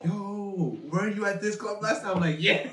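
A man as a podcast guest, telling stories in a laid-back, drawn-out casual way. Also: high-pitched, over a noisy crowd. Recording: echoey room, mic far off.

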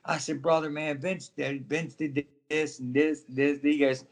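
A man's voice: a little high, flat delivery, moderate pace, vocal fry, few pauses. A middle-aged man, a former wrestler, telling stories in a casual interview and acting out other people's voices as he goes.

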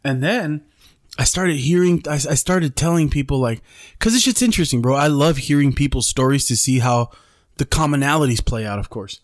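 A man's voice: on the high side, brisk, dry recording, studio quality. A man co-hosting a podcast, telling a story in laid-back casual chat, swearing freely and calling people bro and dude. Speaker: podcast co-host.

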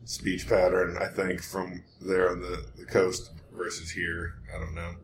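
A man's voice: low voice, monotone, unhurried, roomy sound, a little hiss or hum. A man chatting casually as a podcast guest, hesitant and brief in his answers. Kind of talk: casual chat.

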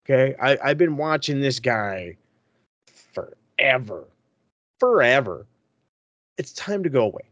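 A man's voice: medium pitch, sing-song, unhurried, long pauses, a bit bright, dry recording, highs cut off. Profane, emphatic man in dry close sound. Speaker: podcast co-host. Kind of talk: casual wrestling chat.

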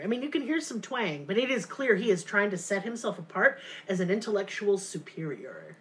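A woman narrates a true crime case in casual podcast chat. Her delivery is animated and sarcastic, full of mocking asides. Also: mid-range voice, brisk, few pauses. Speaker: podcast co-host telling a true crime story.

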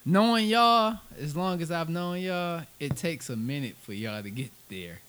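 A man's voice: on the high side, lively intonation, measured pace, fairly bright tone. A man in a casual chat among friends, playful and teasing, with a slangy way of talking. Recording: faint hiss.

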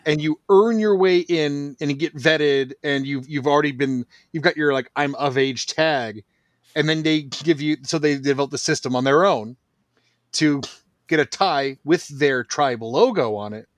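A man's voice: a little high, unhurried, dry recording. A man in casual podcast chat, explaining at length with plenty of fillers. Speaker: podcast guest.

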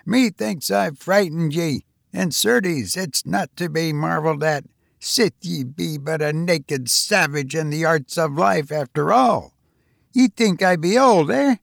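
A scornful, raving ageless sorcerer, read by a man, slow and gravelly in his grand declarations. He speaks with contempt and a faint rasp, in a dry close storybook voice. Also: a little high, a bit bright, no room sound. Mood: mocking. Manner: grandiose, ranting. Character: ancient raving male sorcerer, arrogant and scornful.

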